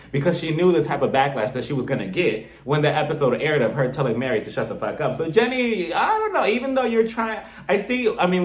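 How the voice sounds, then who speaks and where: A man giving a sassy, gossipy casual recap of a reality show, acting out the cast's lines as he goes. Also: on the high side. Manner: gossipy, animated, sassy, acts out quotes. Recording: roomy echo.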